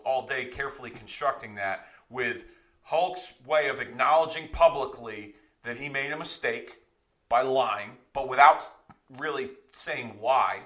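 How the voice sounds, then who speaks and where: A man's voice: mid-range voice, pushed and bright. A man co-hosting a wrestling podcast, explaining in a rambling, profane, self-correcting way. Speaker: podcast co-host. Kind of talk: casual podcast commentary.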